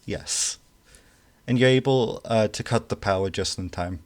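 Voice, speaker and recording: A man narrating a tabletop game as game master, speaking slowly and hesitantly with many fillers. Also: lowish voice.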